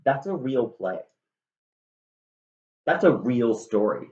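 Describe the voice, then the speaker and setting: A man's voice: medium pitch, slow. A man retelling an old tragedy in a casual, slangy way, full of asides. He takes his time and lingers on his words. The recording is dull and roomy. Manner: chatty, slangy, animated. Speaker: storyteller. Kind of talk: casual retelling of a classic play. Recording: dull echoey room.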